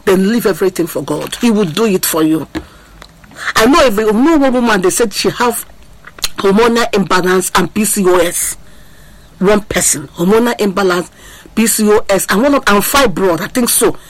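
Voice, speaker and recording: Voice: mid-range voice, normal speed, low-quality recording. Impassioned preacher with sing-song delivery. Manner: asks the audience to listen. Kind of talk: sermon.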